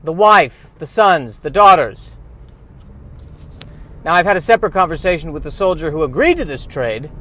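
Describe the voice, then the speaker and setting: A man's voice: a little high, big pitch swings, moderate pace, long pauses, bright, forceful tone, heavily acted. A man playing a pompous, stern older American general who speaks in a formal, declaiming way from inside a car.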